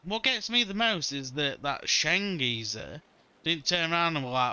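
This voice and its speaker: A man's voice: a little high, expressive, normal speed, sharp tone, clean tone. A man casually commentating his own game playthrough, offhand and sweary. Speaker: gaming streamer.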